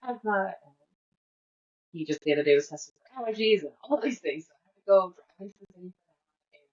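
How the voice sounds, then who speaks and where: A woman's voice: medium pitch, animated, fairly quick, a little mellow, muffled recording. A woman in her thirties, a podcast host, talking through her day in a rambling, casual diary style with lots of fillers. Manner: rambling, chatty, with frequent fillers and laughs. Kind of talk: casual personal diary monologue.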